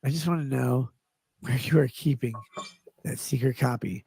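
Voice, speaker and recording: A man's voice: medium pitch, moderate pace, gravelly, dark tone, husky, no room sound. A man rambling loosely through a livestream as he reads chat messages aloud, swearing and drifting off topic in a drunken manner.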